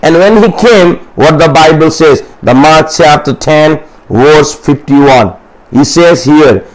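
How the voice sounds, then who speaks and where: A man's voice: medium pitch, takes it slowly, poor audio. A man pastor preaching a fervent sermon in English, with much repetition and rising intensity.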